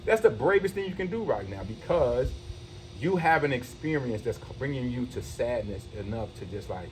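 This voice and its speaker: A man's voice: medium pitch, animated, moderate pace. A man hosting a casual one-on-one conversation, talking in an earnest, reassuring, loose way with some swearing. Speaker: host. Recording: noisy background hiss.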